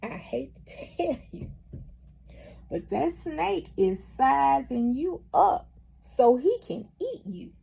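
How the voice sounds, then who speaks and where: A woman voicing a calm, blunt male doctor who speaks matter-of-factly and with some amusement. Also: high voice, slow pace, gravelly, exaggerated voice.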